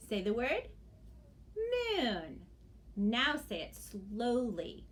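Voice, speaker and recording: A woman teacher giving a phonics lesson to young children, sounding out words slowly and praising often. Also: medium pitch, sing-song. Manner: slow, exaggerated sounding-out of words; encouraging praise.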